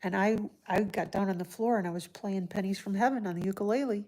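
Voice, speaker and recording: A woman hosting a casual livestream from home, chatting softly and heartfelt while answering viewers by name. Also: medium pitch, quick pace. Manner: soft-spoken and heartfelt. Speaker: livestream host. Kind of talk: casual live-stream chat.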